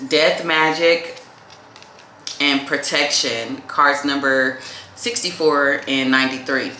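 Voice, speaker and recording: A woman with a low but bright, forceful voice reads tarot cards in a loose, chatty way. She calls the listener "baby" and fills her talk with "like". The sound bounces around an echoey room. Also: slow pace, a little hiss or hum. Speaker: tarot reader. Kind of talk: casual tarot reading to camera.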